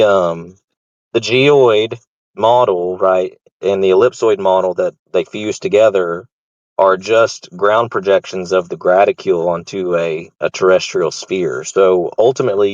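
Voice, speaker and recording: A man with a lowish voice explains a technical method on an online call, probing first and then laying out each step. The audio is slightly dull, with a dry, close sound. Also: a little mellow, no room sound.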